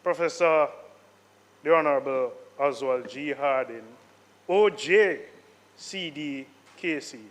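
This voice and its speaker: A man's voice: on the high side, slow. A man speaking as a senator in a legislative chamber, giving a formal tribute in a rhetorical style and stressing each honor as he lists it. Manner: rhetorical, listing honors with emphasis.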